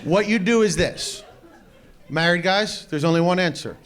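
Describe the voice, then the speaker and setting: A man doing a stand-up comedy routine on a club stage into a handheld mic, telling stories in a brash, animated way. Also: high voice, normal speed.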